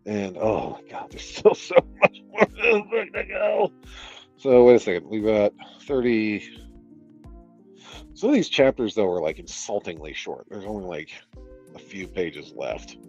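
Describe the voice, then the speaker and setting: A man's voice: on the low side, very animated, measured pace, creaky, long pauses. A man streaming himself reading a novel aloud, breaking off into exasperated, sardonic commentary full of swearing. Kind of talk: book reading with casual commentary. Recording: dull lo-fi audio, faint music.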